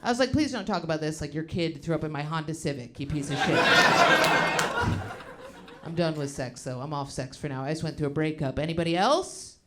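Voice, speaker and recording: A woman in her thirties performing a stand-up comedy set, brash and profane with deadpan asides. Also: low voice, a little fast, very noisy. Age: 30s. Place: comedy club stage with a live audience.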